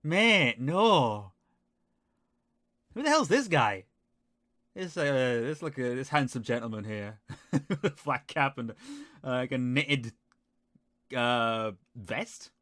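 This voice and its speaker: A man's voice: medium pitch, slow pace, sharp tone, no echo, studio quality. A man with a Northern English accent, rambling and self-deprecating as he reacts to his old video in casual commentary. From Northern England.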